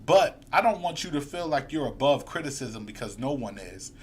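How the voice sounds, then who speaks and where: A man's voice: mid-range voice, animated, normal speed, a little hiss or hum. A man hosting a live sports fan stream, ranting heatedly and reading viewer comments aloud. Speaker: podcast host.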